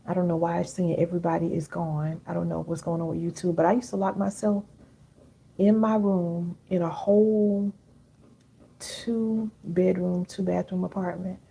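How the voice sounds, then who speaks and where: A middle-aged woman hosting a casual live stream, chatty and warm with viewers, reading their comments aloud. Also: on the low side, flat delivery, normal speed, creaky, breathy edge. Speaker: live-stream host and healing coach.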